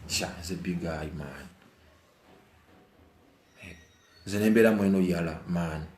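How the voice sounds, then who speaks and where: A Ugandan man giving his opinion in a casual monologue, repeating phrases for emphasis and swinging between brooding low talk and heated outbursts. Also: measured pace, a little mellow, a little hiss or hum. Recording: echoey room.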